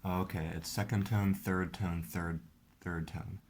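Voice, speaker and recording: Low-voiced man explaining a card game. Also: fairly even intonation, a little slow, darkish tone, a little hiss or hum. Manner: explains game rules step by step. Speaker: host. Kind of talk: casual game commentary.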